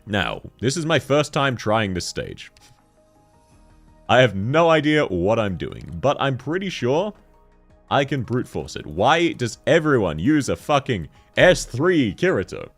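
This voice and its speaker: A male game streamer in casual chat, joking and laughing as he answers chat. His voice is mid-pitched and very lively, bouncing up and down. Faint game music plays underneath. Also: unhurried. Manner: joking, laughs often, reads chat aloud. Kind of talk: casual live-stream chat while gaming.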